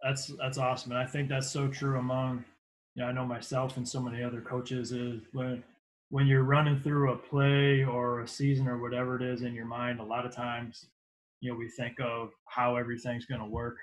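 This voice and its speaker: A man hosts a podcast for coaches and speaks in an earnest, even tone. His pitch stays mostly level and there is little rise and fall in his delivery. He sounds sincere as he praises his guest and closes the episode. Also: fairly quick, low-quality recording. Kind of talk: podcast interview and sign-off.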